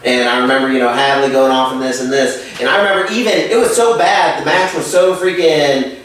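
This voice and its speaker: A man's voice: mid-range voice, brisk, fairly bright tone. A young man chatting as a podcast co-host, rambling and filling his talk with "you know". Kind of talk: casual chat. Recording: very echoey room, distant mic, faint hiss.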